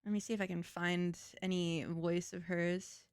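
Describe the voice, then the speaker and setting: Rambling, foul-mouthed woman streamer, smooth voice, dry close mic. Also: fairly low pitch, flat delivery, normal speed, no room sound. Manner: swears freely, rambling, laughing. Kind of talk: casual reaction stream chat.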